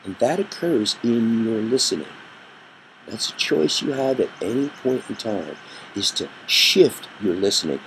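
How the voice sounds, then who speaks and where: A man teaching a communication workshop, telling a story with an animated delivery that rises and drops for effect. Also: fairly low pitch, a little slow, slight background noise, rough recording. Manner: animated storyteller, rising and dropping his voice for effect. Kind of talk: storytelling lesson.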